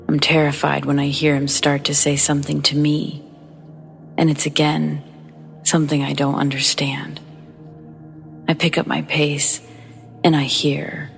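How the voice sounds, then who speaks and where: A woman narrating a scary story in a hushed, somber storytelling manner. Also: low voice, gravelly.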